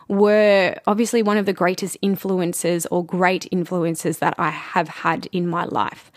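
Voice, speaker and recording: A woman in her thirties, a spiritual intuitive hosting a personal podcast, speaking gently and reflectively with many pauses and fillers. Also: lowish voice, no room sound, clean studio sound.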